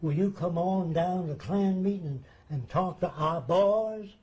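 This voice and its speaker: A man doing a plainspoken Southern Klan leader who drawls slowly in a somewhat raised, mellow voice. The figure sounds folksy and sure of himself, as the storyteller puts him on. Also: high-pitched. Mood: coaxing.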